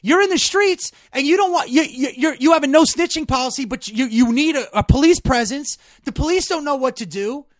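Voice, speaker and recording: Blunt, profane man with a high voice. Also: expressive, brisk, few pauses, dry recording, studio quality. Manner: blunt, profane, rambling with many restarts, heats up into emphatic ranting. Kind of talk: casual chat.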